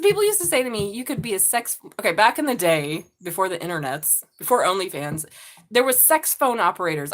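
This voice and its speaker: A woman's voice: on the low side, fairly bright tone. A middle-aged woman giving a live-stream tarot reading, blunt and profane, joking and laughing often. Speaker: tarot reader.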